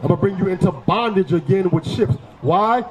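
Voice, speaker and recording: A man preaching on a city street, forceful and confrontational, firing rhetorical questions at passersby. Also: high voice, brisk, roomy sound, poor audio. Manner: forceful, fires rhetorical questions, repeats "right?".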